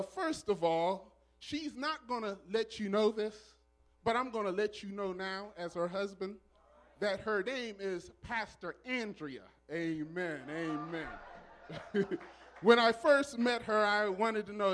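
A man who is a pastor, speaking in church in a preacherly style with loud exclamations and call and response. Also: sits high. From Southern California. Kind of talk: church welcome speech. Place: church sanctuary.

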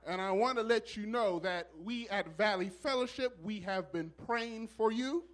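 A man who is a pastor, speaking in church in a preacherly style with loud exclamations and call and response. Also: high-pitched, moderate pace. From Southern California. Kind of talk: church welcome speech. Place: church sanctuary.

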